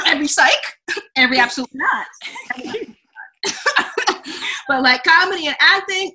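A young adult woman, a comedian guest on a podcast, telling stories in a casual, animated way, acting out quotes and laughing often. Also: very high voice, a little slow, long pauses, noisy background. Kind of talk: casual chat.

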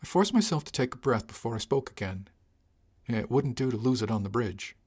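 A man reading first-person narration in an audiobook, with a measured, wry delivery. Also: fairly low pitch.

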